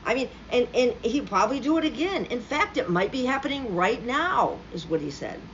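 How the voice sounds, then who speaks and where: A woman's voice: on the high side, expressive, a little fast. A woman delivering a profane, sarcastic political rant straight to the camera. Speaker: political commentator. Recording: slightly dull lo-fi recording with faint background hum.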